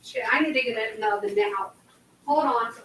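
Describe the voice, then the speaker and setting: A young woman with a faint Southern US accent talks in an easy, meandering live-stream chat. Her voice sits a little on the high side, and she breaks off into laughter and loses her thread now and then. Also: a little fast, fairly bright tone, husky, poor audio. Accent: slight Southern US. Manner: rambling, laughs often, trails off mid-sentence. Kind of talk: casual chat.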